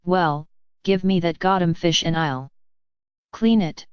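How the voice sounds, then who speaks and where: A woman voicing a stern older Mother Superior, lower and quieter than her usual reading. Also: fairly even intonation, slow pace, clear, resonant tone, no room sound, lo-fi sound.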